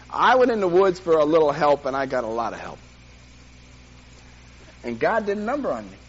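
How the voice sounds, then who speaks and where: An older man preaching a sermon, telling a personal story with self-deprecating humor and animated delivery. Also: on the high side, moderate pace, husky, lo-fi sound. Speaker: pastor.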